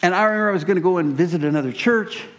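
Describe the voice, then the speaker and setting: A male pastor telling a personal story in a sermon, animated and self-deprecating. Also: sits high, rapid-fire.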